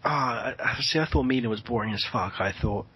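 A man's voice: medium pitch, brisk, pushed and bright, breathy edge. A man chatting casually as a podcast guest, enthusiastic and swearing freely. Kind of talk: casual chat. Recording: dull lo-fi podcast audio.

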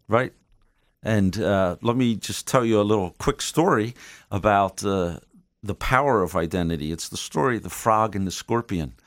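A man's voice: fairly low pitch, moderate pace, no echo, clean studio sound. A man guesting on a Christian radio show, explaining his program in an earnest, teaching manner and acting out voices when he tells a story. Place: radio studio.

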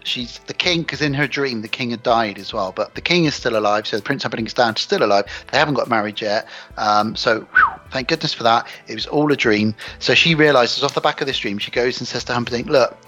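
A man's voice: medium pitch, fast, hardly any pauses, soft background music, rough recording. A man hosting a casual film discussion, retelling scenes and acting out the characters' lines. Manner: animated, acts out quoted lines in character. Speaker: podcast host.

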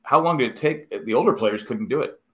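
A middle-aged man hosts a relaxed podcast chat at a mid-range pitch. He rambles through stories and acts out what other people said along the way. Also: a little fast. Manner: rambling storyteller, acts out quotes. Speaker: podcast host. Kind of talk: casual chat.

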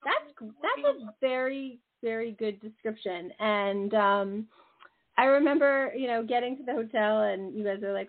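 A woman's voice: medium pitch, expressive, measured pace. A woman hosting a radio talk show, chatting casually in a playful, teasing way. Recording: phone-like narrow band.

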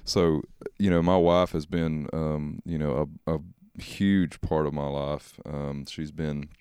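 A man with a very deep, smooth and resonant voice, speaking as the guest in a casual interview. He talks in a halting, measured way, full of fillers. The sound is dry and close. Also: fairly even intonation, darkish tone, no echo. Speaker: country singer guest.

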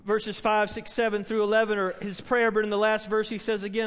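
A man's voice: high voice, monotone, a little fast, a bit bright, smooth, in a large hall. A man preaching a sermon, telling stories earnestly and building to emphatic proclamations. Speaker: pastor.

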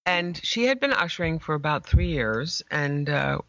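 Animated woman telling a story. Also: sits low, normal speed, dry recording. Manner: animated storyteller, emphatic and spiritual. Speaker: guest, image therapist. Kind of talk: conversational interview.

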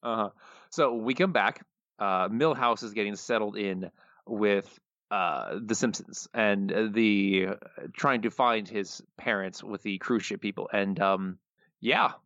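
A man's voice: lowish voice, unhurried, a bit bright, dry recording, highs cut off. A man co-hosting a podcast, recapping an episode with sarcastic, wry asides. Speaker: podcast co-host. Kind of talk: casual podcast recap chat.

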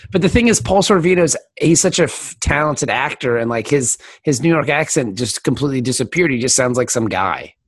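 A man's voice: medium pitch, expressive, husky, no room sound. A man co-hosting a casual podcast chat, rambling and laughing as he goes. His voice bounces up and down a lot. The sound is dry and close, with no room around it. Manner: rambling, laughing, quick to put on silly voices. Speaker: podcast co-host.

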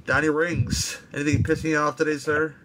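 A man's voice: on the high side, flat delivery, brisk, very noisy. A man hosting a casual podcast, talking in a loose, laid-back way and leading into the next segment. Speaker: podcast host. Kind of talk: casual chat.

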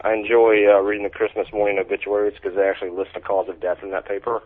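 A man co-hosting a podcast, deadpan and sardonic in casual banter. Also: fairly low pitch, fast talker, background noise. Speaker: podcast co-host. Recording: tinny phone-line sound.

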